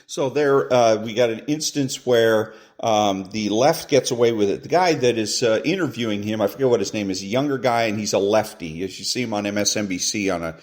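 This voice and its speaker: A middle-aged male podcast host talks through played clips in a loose, unscripted way. He rambles, restarts sentences and fills pauses with "uh" and "um". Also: on the low side, a little mellow. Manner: rambling, with many fillers and restarts, pausing to acts out quotes. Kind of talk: casual political commentary on played clips.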